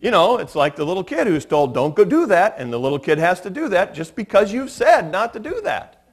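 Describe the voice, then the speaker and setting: A man preaching a sermon as pastor, relaxed and conversational, mixing humor and stories into his teaching in a church. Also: high voice, a little fast. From United States. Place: church sanctuary.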